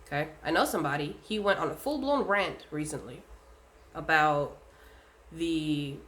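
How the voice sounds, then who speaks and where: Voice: mid-range voice, animated, moderate pace, fairly bright tone. A speaker talking casually and bluntly, giving spiritual advice in a vlog, swearing often and using lots of fillers.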